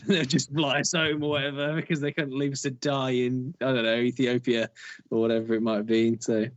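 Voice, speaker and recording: A relaxed young man talking casually as a podcast guest, with a self-deprecating manner. His pitch is ordinary. The sound is dry and close with no room echo. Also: fairly quick, lo-fi sound. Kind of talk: casual chat.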